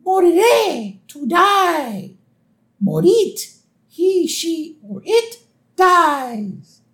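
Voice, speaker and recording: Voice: extremely high pitch, big pitch swings, very slow, a bit bright, voice pushed up, full character voice. A podcast host voicing a pompous young boy playing a wizard, declaiming grandly. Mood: grandiose. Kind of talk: podcast episode recap.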